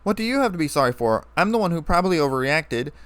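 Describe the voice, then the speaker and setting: Guy doing a squeaky sweet pink pony girl, bubbly, gets weepy. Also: sing-song, quick pace, fairly bright tone, clean tone, no echo. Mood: tearful. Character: cheery pink female pony, now tearful.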